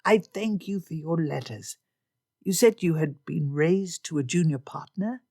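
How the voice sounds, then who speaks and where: A reserved young gentleman, measured and formal in every phrase, as a woman narrator reads him. He speaks with careful politeness. The voice stays near the reader's own. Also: sits low, no room sound, clean studio sound. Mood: courteous.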